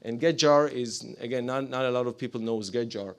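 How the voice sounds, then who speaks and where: A man's voice: mid-range voice, brisk. A man presents his startup to a live audience, hesitant, with many fillers and apologetic asides. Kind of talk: business pitch to a live audience.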